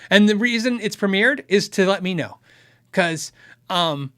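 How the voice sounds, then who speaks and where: A man's voice: sits high, expressive, unhurried, a bit bright, clean tone. A man hosting a guitar tech channel, answering viewer questions in a live-stream chat, earnest and thinking aloud with many restarts.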